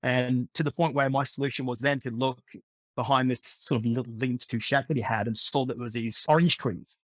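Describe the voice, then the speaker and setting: Guest: man, lively storyteller who laughs a lot, dry close sound. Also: medium pitch, a little fast, no echo. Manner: animated, laughs often, many restarts. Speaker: podcast guest. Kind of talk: storytelling in a casual conversation.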